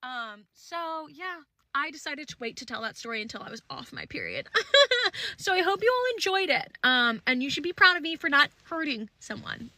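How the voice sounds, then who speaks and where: A young woman telling a casual storytime into her phone, animated and laughing, swearing freely. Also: high voice, brisk, no echo.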